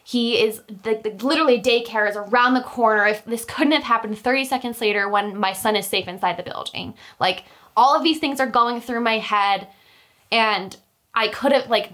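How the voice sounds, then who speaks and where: A woman's voice: on the high side, fairly bright tone. A young woman telling a personal story in casual chat, talkative, with many fillers and restarts. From Utah, US.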